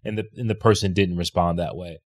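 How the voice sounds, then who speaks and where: A man's voice: low-pitched, fairly even intonation, fast. A man co-hosting a casual podcast, telling a story in a hesitant way, full of fillers and restarts. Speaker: podcast co-host. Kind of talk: casual chat.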